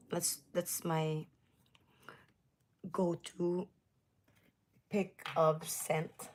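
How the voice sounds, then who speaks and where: A woman hosts a relaxed livestream, chatting with viewers in an unhurried, slightly low voice. She laughs often and now and then drops into a soft whisper. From United States. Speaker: livestream host. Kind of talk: casual livestream chat with viewers.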